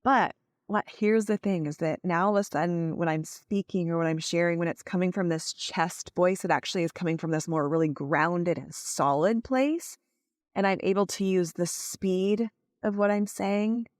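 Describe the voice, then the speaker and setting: A woman's voice: on the low side, moderate pace, no room sound, clean studio sound. A woman hosting a podcast, teaching listeners in a coaching tone, using many "like" fillers and checking that they follow. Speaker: podcast host.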